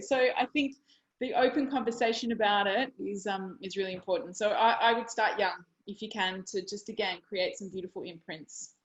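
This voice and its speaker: A woman's voice: mid-range voice, fairly quick, highs cut off. A woman in her forties, a parenting educator, answering interview questions in a conversational storytelling way, often restarting her sentences. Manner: warm storytelling with repeated restarts. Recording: echoey room.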